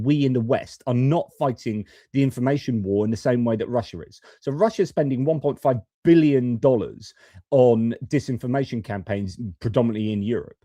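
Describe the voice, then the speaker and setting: A man's voice: medium pitch, a little fast, mellow, dry recording. A man hosting a geopolitics live stream from his home studio, talking in a chatty, opinionated way with frequent fillers.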